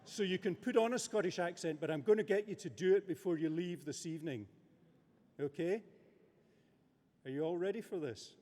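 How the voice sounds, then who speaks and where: A middle-aged man gives a formal graduation-ceremony speech in a somewhat high voice, measured and hesitant, stumbling over filler words. The sound carries the long reverb of a large abbey hall. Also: a little mellow. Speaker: university official presiding at a graduation ceremony.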